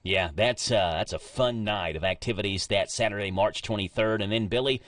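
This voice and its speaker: A man's voice: lowish voice, moderate pace, a bit bright, dry recording, far from the mic. Man, Kentucky accent, chatty jokey host, a bit off-mic, dry sound. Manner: chatty, jokey, stumbles over fancy words. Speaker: radio show host. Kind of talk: casual radio interview.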